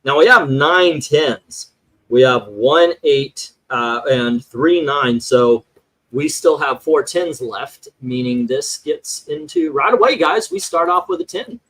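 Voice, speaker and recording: A man's voice: mid-range voice, lively intonation, slow, fairly bright tone, poor audio. A man hosting a casual livestream chat, reading viewer comments and scores aloud with many fillers. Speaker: host.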